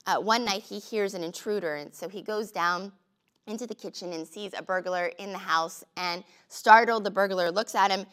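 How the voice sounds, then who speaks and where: A woman with a bright, clear tone leads a relaxed devotional talk. She speaks casually, with plenty of fillers, and weaves in humorous personal stories. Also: medium pitch, normal speed. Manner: chatty, storytelling with humor. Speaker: devotional teacher. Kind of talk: conversational devotional teaching.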